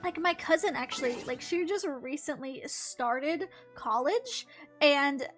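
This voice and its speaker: A woman's voice: high-pitched, expressive, takes it slowly, a bit bright. A young adult woman streaming a game, chatting casually in a rambling, giggly way with offhand swearing. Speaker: gaming streamer. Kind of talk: casual chat while gaming. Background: faint game music.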